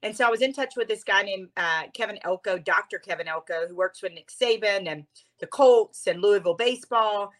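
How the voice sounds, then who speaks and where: A woman's voice: mid-range voice, a little fast. Heartfelt woman telling her story. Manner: heartfelt, animated, near tears at times. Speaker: interview guest, speaker. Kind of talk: emotional storytelling interview.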